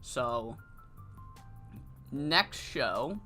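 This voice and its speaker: This is a relaxed game streamer talking through a wrestling management sim at an unhurried pace, voice sitting in a middle register. The talk wanders, with casual swearing and sudden excited rants about the game. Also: medium pitch, soft background music. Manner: rambling, swears freely, bursts into excited rants. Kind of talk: casual gameplay commentary.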